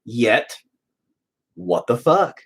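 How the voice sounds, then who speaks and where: A middle-aged man talks casually while he paints, drifting into exasperated, swear-filled rants. His voice is husky, and his pitch swings up and down in a lively way as he complains. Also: very slow. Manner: profane exasperated ranting. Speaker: painting video host.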